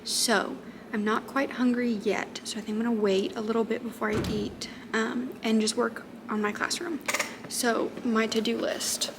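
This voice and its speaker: A woman who teaches high school math, chatting casually to camera in a self-deprecating way and laughing often. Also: little pitch movement, normal speed. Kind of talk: casual vlog chat. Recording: noticeable background noise.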